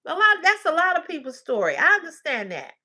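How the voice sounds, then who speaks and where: A woman's voice: extremely high pitch, huge pitch swings, brisk, pushed and bright. A woman hosting a livestream, talking back to her chat in casual, blunt, profane commentary. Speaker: livestream host.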